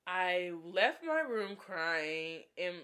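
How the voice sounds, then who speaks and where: Young woman, storytime vlogger, lively and slangy, close mic. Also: fairly low pitch, extremely slow, smooth. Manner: animated, slangy, dramatic. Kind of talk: storytime vlog.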